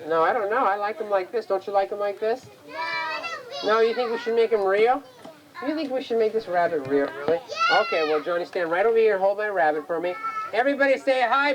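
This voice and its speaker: A woman's voice: mid-range voice, background noise. Woman leading a kids' magic show. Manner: coaxing, singsong, calls on the kids to chant along. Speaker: magician performing for children. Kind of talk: children's party magic show patter. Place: home birthday party with children around. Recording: 1980s home VHS camcorder.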